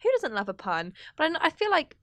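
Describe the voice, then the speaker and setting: A woman hosting a podcast in casual chat, lively and chatty as she reads a listener's story aloud. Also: sits high, fairly quick, no room sound. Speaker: podcast host.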